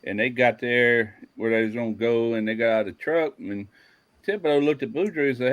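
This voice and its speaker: A man casually telling folksy jokes, lifting his voice for the characters. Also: brisk. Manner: tells folksy Cajun jokes, doing character voices higher. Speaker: joke teller.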